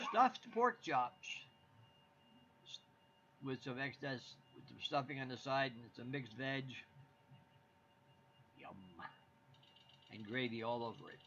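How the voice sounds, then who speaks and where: A man's voice: medium pitch, little pitch movement, unhurried, long pauses, pushed and bright. A man from the United States hosting a live stream, chatting to viewers in a rambling, jokey way. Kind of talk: casual chat to viewers. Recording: dull lo-fi stream audio with faint hiss.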